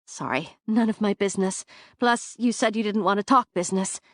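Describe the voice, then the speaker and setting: A woman narrator voicing a nervous young woman who chatters quickly when flustered. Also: mid-range voice, no room sound, studio quality, lightly acted.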